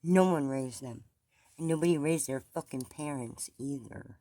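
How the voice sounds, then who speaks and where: A woman's voice: very deep voice, moderate pace, dark tone, no room sound. A woman reacting in casual chat, blunt and swearing freely.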